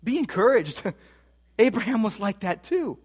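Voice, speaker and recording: A man's voice: high voice, big pitch swings, measured pace, slightly rough. A man preaching a sermon as pastor, emphatic and repeating key phrases for stress. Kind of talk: expository sermon.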